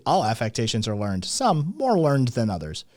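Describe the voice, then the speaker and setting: A man with a Southern Tennessee accent talks loosely and swears at nearly every turn, hosting a casual podcast chat. His voice sits at an ordinary middle pitch. The recording is close and dry, with no room sound. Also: moderate pace, dry recording. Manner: swears constantly, animated. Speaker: podcast host.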